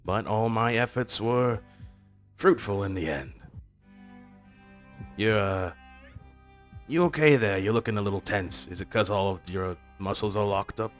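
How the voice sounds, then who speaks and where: A man's voice: fairly low pitch, measured pace, pauses often, a bit bright, soft background music. A man voicing a tall, armed male agent who mockingly taunts his captive in a falsely friendly way.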